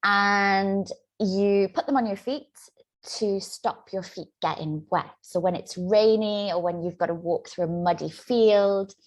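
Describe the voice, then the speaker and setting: A woman presenting a teaching webinar over a video call, explaining in a clear, steady way. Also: mid-range voice, a little slow. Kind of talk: webinar presentation and demo dialogue.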